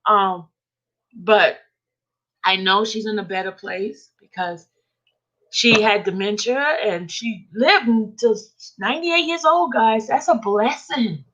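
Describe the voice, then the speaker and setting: A woman talking to her live-stream viewers, tearful and halting, often repeating herself. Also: medium pitch, fairly bright tone, dull audio. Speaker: vlogger hosting a live stream.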